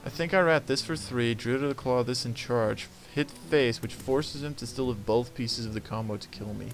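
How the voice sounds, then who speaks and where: A man's voice: mid-range voice, normal speed. A man giving casual commentary while playing a card game, thinking aloud about his moves and grumbling and swearing when things go wrong. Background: game music.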